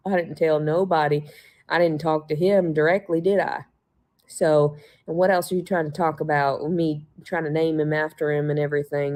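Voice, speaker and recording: Sarcastic woman ranting, low voice. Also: fairly even intonation, normal speed, a little mellow. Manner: mocking, sarcastic, swears often, laughs to herself. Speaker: vlogger. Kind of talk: ranting monologue to viewers.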